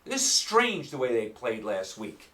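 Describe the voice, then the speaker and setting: A man with a New York accent hosting a solo football picks show, rambling and animated, firing rhetorical questions at listeners. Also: mid-range voice, unhurried. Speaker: sports betting podcast host. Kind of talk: solo sports picks talk.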